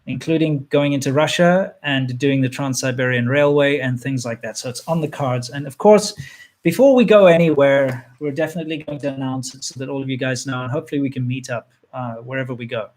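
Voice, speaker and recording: A man in his thirties hosting a casual question-and-answer chat, relaxed and rambling, with plenty of fillers and restarts. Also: medium pitch, brisk. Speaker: channel host answering viewer questions.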